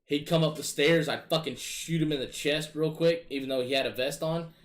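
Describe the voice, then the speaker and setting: A man casually telling gaming stories in a profane, animated, exasperated way. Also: a little high, brisk. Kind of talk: casual storytelling chat.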